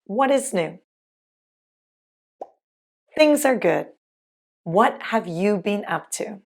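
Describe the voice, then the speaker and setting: A woman teaching English pronunciation in a scripted lesson, speaking carefully and enunciating clearly. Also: medium pitch.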